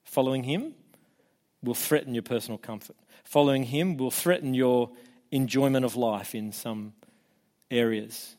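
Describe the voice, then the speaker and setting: A man preaching a sermon in an animated way, acting out the voices he quotes and often restarting his words. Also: medium pitch, normal speed, long pauses. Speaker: pastor.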